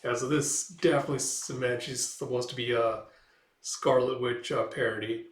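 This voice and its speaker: A man's voice: medium pitch, fairly even intonation, moderate pace. A man hosting a casual comic-book recap, talking loosely with many fillers. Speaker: host. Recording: echoey room.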